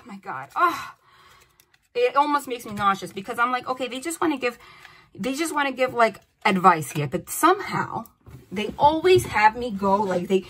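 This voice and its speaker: A woman giving a casual tarot reading to camera, animated and excitable, often exclaiming and repeating herself. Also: mid-range voice, husky. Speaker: tarot reader.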